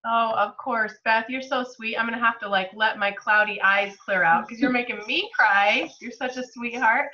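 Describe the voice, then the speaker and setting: High bright woman on a lo-fi call. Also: steady tone, normal speed, hardly any pauses. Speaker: guest speaker. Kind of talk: casual chat on a video call. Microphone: video call.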